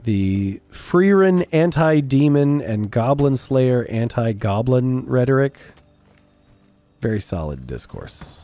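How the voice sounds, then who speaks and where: A man's voice: medium pitch, big pitch swings, takes it slowly, warm tone, dry recording, soft background music. A man streaming a game and chatting casually with viewers in a blunt, profane, rambling way. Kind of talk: casual chat while gaming.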